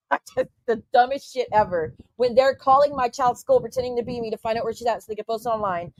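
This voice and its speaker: Woman, livestream rant, indignant, cusses a lot, fairly high voice, dry sound. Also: darkish tone, dry recording. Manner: indignant, profane, talks straight to her chat. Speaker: YouTube livestreamer. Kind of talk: casual ranting livestream.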